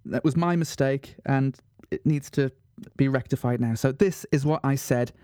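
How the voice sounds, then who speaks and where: A man's voice: mid-range voice, normal speed, darkish tone, clean tone, no room sound, clean studio sound. A man presenting a radio show in a mock-serious, self-mocking monologue. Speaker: radio host.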